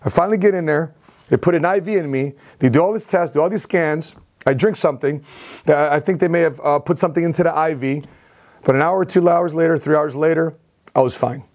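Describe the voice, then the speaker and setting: A man telling a personal story on his vlog as an entrepreneur, in an animated, repetitive way. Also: fairly high pitch, fairly quick. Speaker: entrepreneur vlogger.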